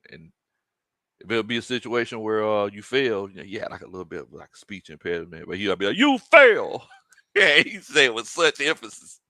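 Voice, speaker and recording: A man hosting a casual sports live stream, reading viewer comments aloud, animated and laughing often. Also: fairly low pitch, no echo. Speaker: sports show host.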